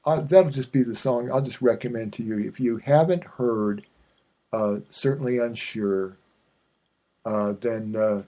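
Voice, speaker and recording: A man's voice: mid-range voice, unhurried, dark tone. A man hosting his own podcast, chatting in a digressive, self-mocking way with many fillers and restarts. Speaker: podcast host. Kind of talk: rambling solo podcast chat.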